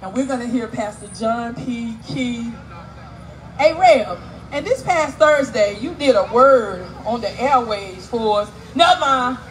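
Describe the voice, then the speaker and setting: A woman emceeing a live outdoor community event on a handheld mic, teasing and working the crowd loudly. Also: on the high side, expressive, a little slow, a little hiss or hum, poor audio. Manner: playful, teasing, loud crowd-work. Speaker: event emcee and radio host. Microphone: handheld microphone.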